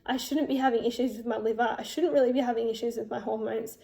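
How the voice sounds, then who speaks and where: A young woman telling her personal story in a vlog, emotional and halting, with many fillers and restarts. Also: a little high, fairly even intonation, vocal fry, warm tone. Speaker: vlogger.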